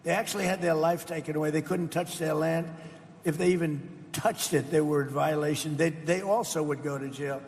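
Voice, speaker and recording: High, gravelly older man addressing a crowd. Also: steady tone, a little fast, darkish tone. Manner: rambling, boastful, asks the crowd questions. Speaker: political speaker. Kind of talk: off-the-cuff campaign-style speech. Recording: reverberant hall with faint background ambience.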